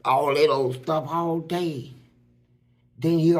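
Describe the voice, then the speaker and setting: A man casually telling stories from prison, animated and full of street slang, acting out what other people said. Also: on the high side, slow. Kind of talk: casual storytelling.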